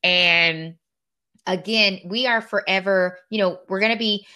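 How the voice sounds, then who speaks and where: A woman guest in a faith-based conversation who talks in an animated way, laughs often and acts out the voices she quotes. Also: mid-range voice, a little slow.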